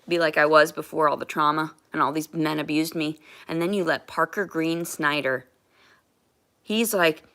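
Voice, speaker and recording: A woman's voice: low voice, fairly even intonation, moderate pace, fairly bright tone. A woman chatting on a livestream in a rambling, emotional way, with casual swearing.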